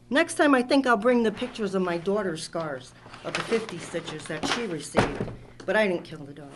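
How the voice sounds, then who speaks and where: A woman's voice: medium pitch, lively intonation, normal speed, soft background music. A woman from making an emotional, rambling public comment at a town board meeting, speaking into a podium microphone. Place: town hall meeting room.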